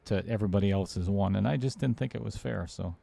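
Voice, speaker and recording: A man calls a pool match in a relaxed, chatty way and laughs easily. His voice sits low and has a gravelly rasp. He sounds like a regular host joking with his co-commentator. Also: fast talker, no echo. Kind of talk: casual live commentary.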